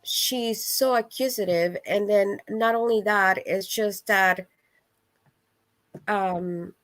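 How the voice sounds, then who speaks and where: A woman's voice: mid-range voice, fairly even intonation, slow, a bit bright, no room sound, rough recording. A woman who joins a livestream panel as a guest, speaking hesitantly with many fillers. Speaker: guest caller. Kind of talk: hesitant casual chat.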